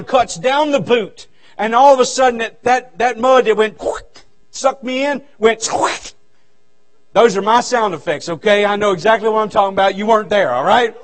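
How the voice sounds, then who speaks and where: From a church sanctuary comes a revival sermon by a man whose voice sits unusually high for a male. He preaches in a fervent, homespun manner, erupting into shouts.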